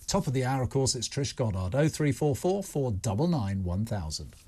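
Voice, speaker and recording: A man's voice: mid-range voice, very animated, moderate pace, loud music behind the voice. A man hosting a talk-radio phone-in with British English speech, chatting candidly and correcting himself as he goes. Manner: conversational, candid, self-correcting. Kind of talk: casual talk-radio chat with callers.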